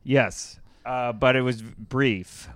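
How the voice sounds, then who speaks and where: A man's voice: mid-range voice, steady tone, takes it slowly, dry recording. A man chatting casually over a remote call, easygoing, making puns and laughing along. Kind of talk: casual chat.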